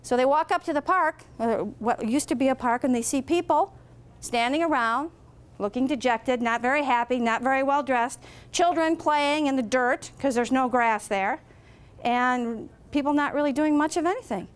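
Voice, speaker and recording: Woman guest speaker telling a story, lively storyteller, kinda high voice. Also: moderate pace, smooth. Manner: animated storyteller. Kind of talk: storytelling speech.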